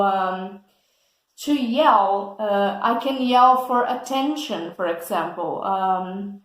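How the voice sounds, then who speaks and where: Woman teacher, slow and patient, slightly high voice, echoey room, checks in often with "okay?". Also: fairly bright tone. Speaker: English teacher. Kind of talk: explaining vocabulary in an English lesson.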